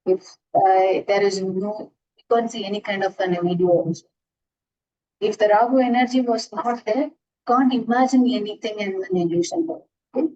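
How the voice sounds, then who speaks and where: A woman with a warm, medium-pitched voice gives an earnest classroom lecture on astrology at a moderate pace, often restarting and repeating herself as she explains. The audio sounds dull.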